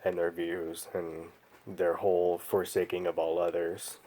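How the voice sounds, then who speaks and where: A man tells a personal story straight to the camera, unhurried and halting. His voice is dark and gravelly, and it sits a little low. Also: little pitch movement, a little hiss or hum. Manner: slow, halting and emotional, with pauses and fillers. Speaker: vlogger.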